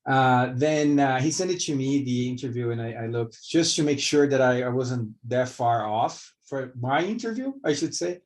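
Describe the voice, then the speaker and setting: A middle-aged vascular surgeon from Brazil, speaking with a Brazilian Portuguese accent, answers interview questions candidly while rambling with many fillers. His voice is medium-pitched at normal speed, with few pauses.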